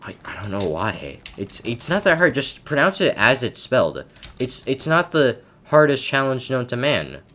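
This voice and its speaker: A man's voice: mid-range voice, sing-song, moderate pace, pushed and bright, slight background noise. A man from Canada giving casual gameplay commentary at his computer, rambling and stammering with lots of repeated words and self-mocking asides. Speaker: gaming commentator.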